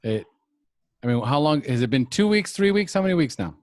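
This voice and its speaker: A man's voice: a little high, sing-song, brisk, a little mellow, no echo. A man hosting a recovery podcast, talking earnestly and reflectively in long thoughtful stretches. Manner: earnest, reflective, speaks in mini-lectures. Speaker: podcast host.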